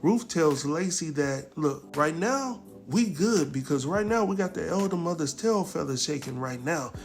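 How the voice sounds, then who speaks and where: A man casually recapping a TV episode, acting out the characters' lines in a lively, slangy way. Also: fairly high pitch, normal speed, faint music behind. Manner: animated storyteller, acts out quotes, slangy. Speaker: TV recap host.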